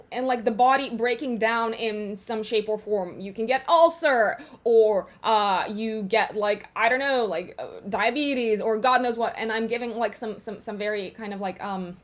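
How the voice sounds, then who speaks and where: A young adult woman talking casually to viewers as an astrologer, chatty and full of fillers and restarts. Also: a little high. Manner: chatty, frequent fillers and restarts, laughs at herself.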